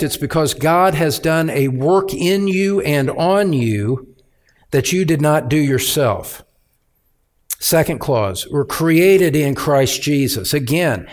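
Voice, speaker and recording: Slow, deliberate male preacher. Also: fairly high pitch. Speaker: pastor. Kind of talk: expository sermon.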